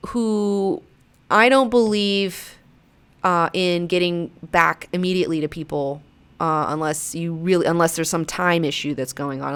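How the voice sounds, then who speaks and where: A woman in her thirties talks through her show in a loose, rambling chat that is peppered with swearing. Her voice sits a little low and sounds smooth and clean. Every so often she jumps up high to mimic someone in a mocking tone. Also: a bit bright. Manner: rambling and profane, with mocking high-pitched quotes. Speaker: show host. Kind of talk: casual chat.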